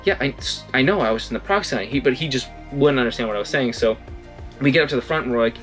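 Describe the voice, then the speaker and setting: A man's voice: mid-range voice, fast, soft background music. Rambling young man telling a story. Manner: rambling, self-correcting, animated quoting. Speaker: vlogger. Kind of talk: casual storytelling.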